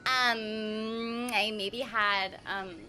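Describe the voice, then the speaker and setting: A woman's voice: a little high, fairly even intonation, very slow, bright, forceful tone, soft background music. A young woman chatting casually to viewers on a game stream, bubbly and giggly, rambling from topic to topic. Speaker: streamer and voice actor.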